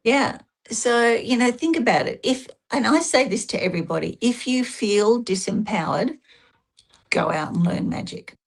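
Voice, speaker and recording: Gravelly woman giving emphatic advice. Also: on the high side, animated, normal speed. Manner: emphatic, advising, anecdotal. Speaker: guest. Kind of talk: casual interview chat.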